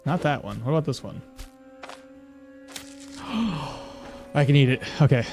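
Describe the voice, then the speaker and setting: A game streamer with a medium-pitched, unhurried voice chats casually during a live stream, muttering to himself and reading chat messages aloud as he plays, with music in the background.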